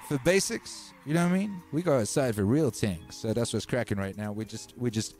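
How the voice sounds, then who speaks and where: An English man in his thirties hosts a loose livestream chat, slangy and animated as his voice jumps up and down. His pitch sits in the middle for a man, and faint music plays under him. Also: a little fast. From England. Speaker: livestream host.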